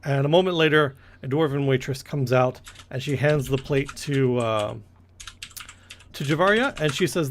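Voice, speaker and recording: A man's voice: medium pitch, normal speed, a little hiss or hum. A man narrating a tabletop game as game master, rambling with many fillers and restarts.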